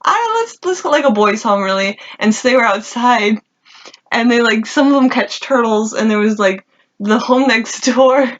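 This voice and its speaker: A young woman co-hosting a podcast, telling animated stories in casual chat, filled with "like". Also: fairly high pitch, moderate pace, muffled recording, slight background noise. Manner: animated storyteller, lots of "like", laughs often. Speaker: podcast co-host.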